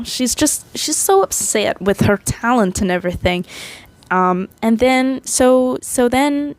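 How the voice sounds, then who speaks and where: A woman's voice: mid-range voice, no echo. A young woman casually recapping a movie, chatty and rambling, with frequent restarts and playful asides.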